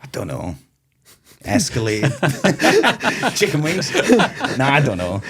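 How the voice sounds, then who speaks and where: A man of about forty from Moray, in Scotland, guesting on a podcast as a festival owner. He tells long, rambling stories, swears freely and breaks into quick laughs. His voice sits at an ordinary middle pitch for a man. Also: huge pitch swings, a bit bright, husky. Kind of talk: casual podcast chat.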